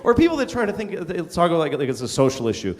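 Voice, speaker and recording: Middle-aged male stand-up comic, exasperated profane rant, lively swinging voice, in a reverberant live hall. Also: on the high side, fast talker. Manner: profane, exasperated ranting with sudden shouts. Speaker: stand-up comedian. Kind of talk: stand-up comedy routine. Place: comedy venue stage.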